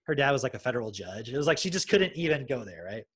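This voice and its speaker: A man's voice: mid-range voice, fast, breathy edge. A man, a podcast host telling his story in casual chat and swearing freely. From Texas. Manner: swears freely, animated retelling.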